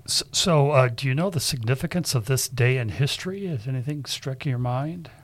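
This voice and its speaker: An older man with a folksy, rambling way of telling stories, a retired park ranger talking casually as a radio guest. His voice sits at an ordinary middle pitch and he often repeats words as he gets going. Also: moderate pace. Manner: folksy storyteller, repeats words when starting.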